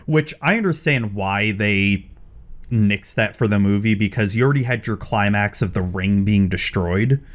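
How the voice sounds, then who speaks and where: Casual chat, man with a lowish voice, blunt and opinionated, swears freely. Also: moderate pace.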